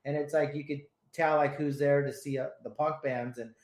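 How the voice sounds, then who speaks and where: A man's voice: a little high, steady tone, moderate pace. A man hosting a casual radio chat, laid-back and rambling, swearing often as he tells stories. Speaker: radio host. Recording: roomy echo.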